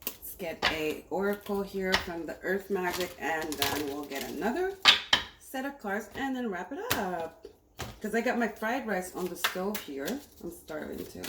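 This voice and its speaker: A woman's voice: lowish voice, lively intonation, a little slow. A woman giving a casual, enthusiastic tarot reading to camera, repeating herself as she talks. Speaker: tarot reader. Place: home room, cooking on stove nearby. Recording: echoey room with faint noise.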